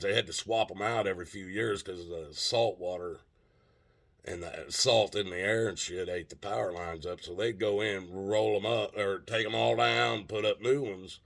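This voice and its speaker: A man with a somewhat low, gravelly voice tells a long personal anecdote. He rambles, restarts his sentences and swears freely in a relaxed, casual way. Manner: rambling, profane, frequent restarts. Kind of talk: casual storytelling.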